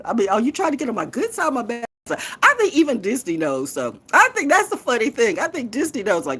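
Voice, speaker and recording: Husky, profane, ranting woman. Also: fairly high pitch, huge pitch swings, quick pace, hardly any pauses, pushed and bright. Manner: profane, defiant, trash-talking. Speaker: poet and show host. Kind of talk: confrontational rant.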